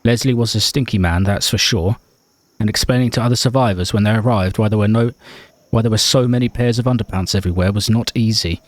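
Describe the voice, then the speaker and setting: A man reading aloud a grave note from a male survivor, slowly and solemnly. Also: lowish voice, no room sound, pitched above the performer's own voice, close to an everyday voice.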